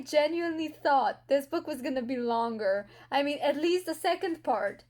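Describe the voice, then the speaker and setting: A woman's voice: high voice, unhurried, darkish tone. A young woman book vlogger reacting aloud while reading, emotional and exclaiming, talking to the characters.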